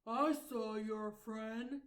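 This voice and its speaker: A woman voicing a big, gentle male hill troll in a storybook read-aloud, drawing out each word slowly. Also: on the high side, fairly even intonation, recorded from a distance. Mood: kindly. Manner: slow, drawn-out delivery.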